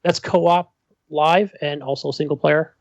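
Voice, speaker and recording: A man's voice: on the high side, fairly even intonation, measured pace, vocal fry, dry recording, dull audio. A man co-hosting a podcast, rambling enthusiastically in casual chat with lots of fillers. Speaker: podcast co-host.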